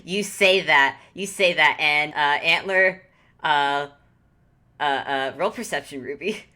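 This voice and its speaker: Very low-voiced woman narrating a tabletop game. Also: bright, forceful tone. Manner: halting, restarts, chuckling.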